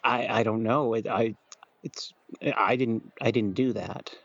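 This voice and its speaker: A man's voice: medium pitch, fairly even intonation, a bit bright, no room sound, voice pushed down. A man, the game master, voicing a flustered, evasive young female innkeeper who hesitates and stumbles over her words. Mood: nervous. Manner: hesitant, halting, full of ums. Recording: dull, dry recording.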